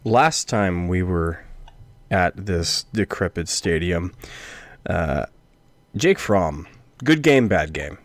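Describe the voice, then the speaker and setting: Dry-sounding low male podcast co-host. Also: animated, slow, long pauses, no echo. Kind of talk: casual sports chat.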